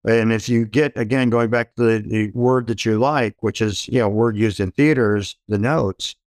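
A man's voice: fairly low pitch, fairly even intonation, normal speed, a little mellow, no room sound, clean studio sound. A man in a casual conversation, thoughtfully explaining advice about listening to yourself and taking feedback. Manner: reflective, advising.

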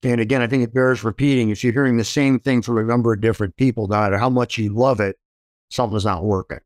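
A man's voice: mid-range voice, steady tone, fast, dry recording, clean studio sound. A man in a casual conversation, thoughtfully explaining advice about listening to yourself and taking feedback. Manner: reflective, advising.

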